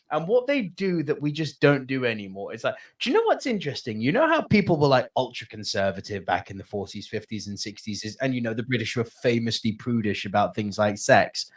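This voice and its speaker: A man's voice: medium pitch, very animated, fairly quick. A man co-hosting a podcast in casual chat, rambling, often restarting his sentences and swearing casually. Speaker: podcast co-host.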